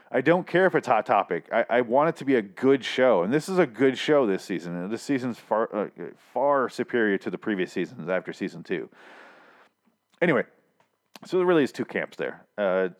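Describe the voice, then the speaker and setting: A man's voice: mid-range voice, animated, moderate pace. A young man casually recapping a TV episode, swearing freely and acting out the characters' lines. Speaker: TV recap vlogger.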